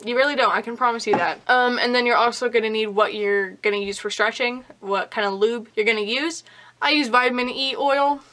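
A woman's voice: fairly high pitch, fairly quick, sharp tone. A young woman vlogging in a casual, chatty way, talking with a slight lisp. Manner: chatty, casual, swears offhandedly. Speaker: beauty vlogger. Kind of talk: casual vlog chat.

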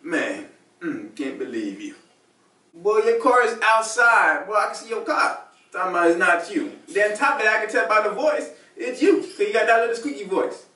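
A man's voice: high-pitched, sing-song, moderate pace, bright, forceful tone, full character voice. A young man playing an indignant homeowner who scolds his friend in outraged slang in a comedy skit. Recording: roomy and far from the mic.

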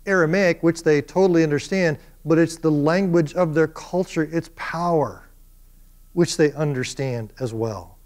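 A middle-aged male professor lectures in an animated storytelling way, slipping into the voices of the people in his stories. His voice sits a little higher than most men's. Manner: animated storyteller, acts out quoted speech. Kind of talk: classroom lecture.

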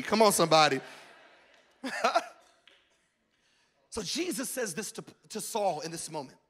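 A man's voice: fairly high pitch, sing-song, unhurried, long pauses, fairly bright tone, breathy edge. A man preaching a sermon as a pastor in a church, calling out to the congregation and building to emphatic peaks. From American South. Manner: preaching with call-outs and rising emphasis. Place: church auditorium.

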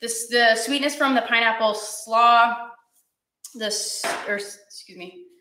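A woman's voice: on the high side, fairly even intonation, slow, bright, forceful tone, echoey room, slight background noise. A young woman hosting a live-streamed cooking class, chatty and encouraging with her viewers, teary and sniffly from cutting onions.

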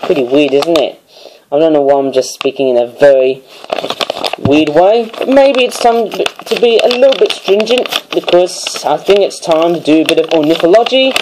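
Hoarse man with an Australian accent. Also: sits high, noisy background. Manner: rambling, hesitant, self-correcting. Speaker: toy reviewer. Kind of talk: casual product review vlog.

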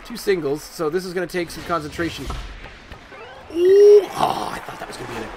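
A man giving chatty, excitable let's-play commentary and talking back at the game as he plays. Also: a little high, rapid-fire. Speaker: gaming YouTuber. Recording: loud game crowd and ambient noise behind the voice.

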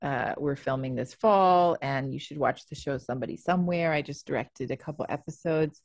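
A woman's voice: sits low, normal speed, dry recording, clean studio sound. A woman guest on a podcast, chatting casually and laughing often with lots of fillers. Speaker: actor and comedian guest.

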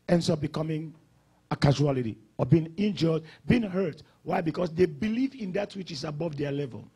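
A man preaching a church sermon in a husky, high voice. He swings from shouted declarations down to low, quiet asides, and his pitch leaps high on the emphasized words. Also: lively intonation, moderate pace. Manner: preaching with sudden loud rises and drops. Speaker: pastor.

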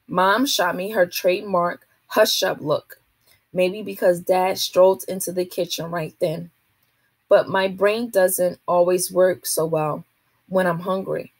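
A woman, a teacher, reading a children's novel aloud to a class in a steady, expressive way. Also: fairly low pitch, measured pace, no room sound.

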